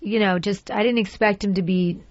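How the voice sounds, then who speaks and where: Woman in her forties, chatty and upbeat, mid-pitched, dry and muffled radio sound. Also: fairly even intonation, moderate pace, no room sound. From Los Angeles. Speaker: actress and voice actress. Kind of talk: guest on a radio talk show. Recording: dry, dull lo-fi radio recording.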